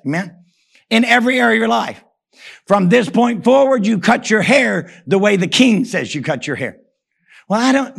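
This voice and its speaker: A pastor preaching with a high, gravelly voice. He punches key lines up to a shout, then sinks into near-whispered asides, and keeps calling on the congregation with a quick "Amen?". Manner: emphatic preaching, repeated call-and-response "Amen?"; rises to shouts for emphasis, drops low and soft. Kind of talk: sermon.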